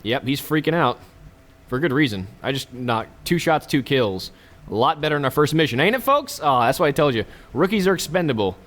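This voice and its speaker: A man's voice: medium pitch, lively intonation, brisk, fairly bright tone. A man hosting a let's play, giving casual, chatty commentary with joking asides to his viewers.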